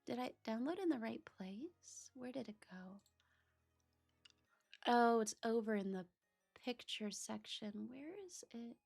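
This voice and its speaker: Slow, chatty woman streamer. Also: fairly high pitch, gravelly, darkish tone, faint music behind. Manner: chatty, talks to herself while searching files. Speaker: VTuber streamer. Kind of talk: casual livestream chat.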